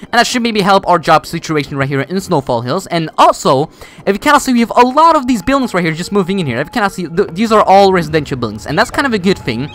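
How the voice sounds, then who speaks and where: A man's voice: sits high, big pitch swings, fast talker, fairly bright tone. A man giving casual gameplay commentary, rambling with many fillers and restarts while he builds. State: voice cracks. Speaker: gaming YouTuber.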